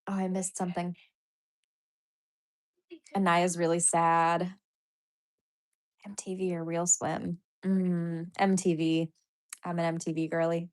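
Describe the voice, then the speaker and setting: A woman's voice: on the low side, level tone, slow pace, long pauses. A woman hosting a casual live stream, chatting loosely with viewers, reading their comments aloud and laughing often. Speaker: livestream host.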